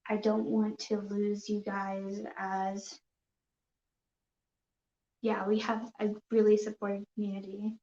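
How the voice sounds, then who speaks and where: A woman's voice: mid-range voice, little pitch movement, slow pace, pauses often, dark tone. Nervous, hesitant woman streaming in a roomy room. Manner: nervous, hesitant, many fillers and restarts. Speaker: yarn crafting streamer. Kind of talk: casual live-stream chat. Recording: dull, roomy home recording.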